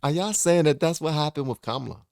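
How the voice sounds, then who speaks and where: A man's voice: on the high side, fast talker, gravelly, a little mellow, no echo, studio quality. A man hosting a reaction video, chatting casually to viewers with laughter and asides.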